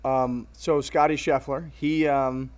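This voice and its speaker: A man hosting a podcast, asking questions in a halting way full of fillers. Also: medium pitch, flat delivery. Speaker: podcast host. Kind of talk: casual chat.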